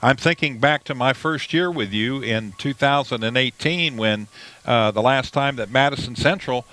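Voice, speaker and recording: Commentator guy, bright forceful voice, chatty and loose. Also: mid-range voice, moderate pace, poor audio. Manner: relaxed, conversational, with many fillers. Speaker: color commentator. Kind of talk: pregame sports broadcast.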